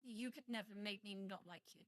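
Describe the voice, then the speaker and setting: A woman's voice: medium pitch, brisk, no echo, clean studio sound. A young British woman streaming live, rambling casually to her viewers and swearing at her computer. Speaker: VTuber streamer.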